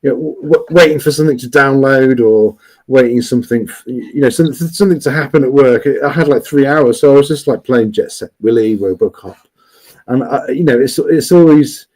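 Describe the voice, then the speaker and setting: A man chatting casually as a guest on a livestream, rambling with many restarts and fillers, talking loudly. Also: medium pitch, brisk, poor audio. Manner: says he is always loud.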